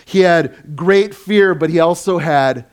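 A pastor preaching a sermon in an animated way, asking the congregation questions and chuckling often. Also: male voice, a little high, slow pace, clean tone.

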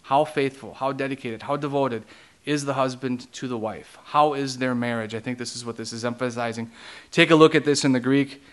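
A man's voice: mid-range voice, steady tone, fairly quick. A man pastor teaching a Bible study in a plain, conversational way, explaining each term one by one.

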